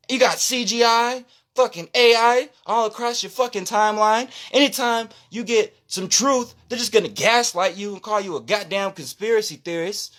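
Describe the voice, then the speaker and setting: A man giving an impassioned, profane live-stream rant as a spirituality content creator, loud and preachy, dropping from shouts to low asides.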